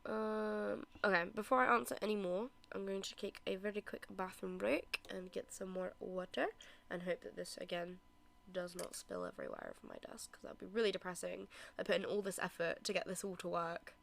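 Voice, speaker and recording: Here a British woman streams a game, chatting and giggling with viewers as she talks to chat. Her voice sits fairly low and comes out a little fast and fairly bright. Clear music plays behind her.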